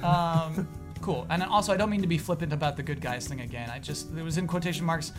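A man's voice: fairly high pitch, fast talker, music in the background. A man hosting a podcast in casual chat, upbeat and jokey, steering the talk between friends. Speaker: podcast host.

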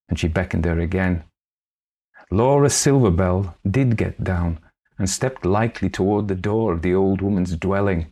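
A man narrates a dark folk tale in a measured, unhurried reading. His voice sits low and steady, keeping the spoken lines apart from the story. A plain audiobook style.

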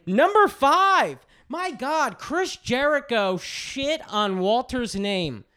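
A man's voice: very high-pitched, animated, slow pace, fairly bright tone, clean tone. A man hosting a podcast, ranting in a casual, profane way about wrestling and telling stories. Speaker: podcast host.

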